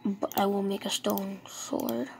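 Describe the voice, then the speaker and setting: A woman giving casual, excitable commentary while she plays a game, talking to herself. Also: medium pitch, unhurried, creaky, slight background noise. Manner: chatty, excitable, talks to herself. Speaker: gamer.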